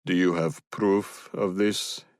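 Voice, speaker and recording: A man voicing a guarded Russian special forces officer with a Russian accent, curt and measured. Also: low voice, flat delivery, no echo, clean studio sound.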